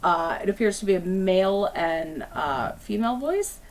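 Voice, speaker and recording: A woman narrating a tabletop game as game master, unhurried and plain. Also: medium pitch, lively intonation.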